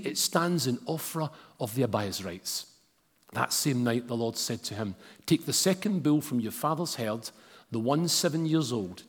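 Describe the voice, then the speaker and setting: A man's voice: a little high, fairly bright tone. A man preaching a sermon and reading scripture aloud, with casual asides to the congregation. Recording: long hall reverb.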